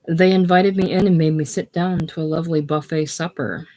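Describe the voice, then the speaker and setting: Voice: medium pitch, steady tone, brisk, mellow, lightly acted. A reader doing a cool, hurt young bride. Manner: cool, cutting. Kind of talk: casual play reading.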